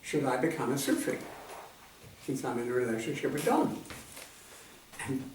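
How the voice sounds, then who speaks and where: A man in his seventies shares personal memories at a talk, speaking softly and reflectively and letting his sentences trail off. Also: mid-range voice, moderate pace. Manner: reflective, soft-spoken, trailing off at line ends. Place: meeting hall at a centre. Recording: echoey hall, distant mic, faint noise.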